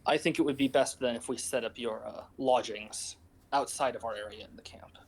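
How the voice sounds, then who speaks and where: A composed camp leader with an ordinary mid-pitched voice, as a man speaks for him, giving orders in calm, deliberate terms. He sounds firm and in control throughout, in a tabletop role-play game. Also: lightly acted. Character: measured male camp leader, formal and firm.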